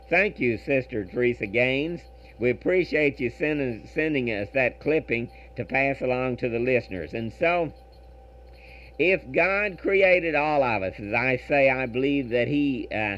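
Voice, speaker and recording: Male radio preacher, earnest, rhythmic scripture reading, lively pitch, dull old broadcast sound. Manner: earnest, reads verse in measured rhythm, repeats words.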